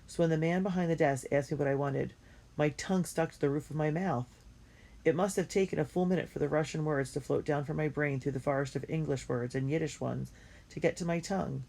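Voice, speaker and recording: A woman reading a first-person diary story aloud in an earnest and expressive way. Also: sits low, a little fast, creaky. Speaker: audiobook reader.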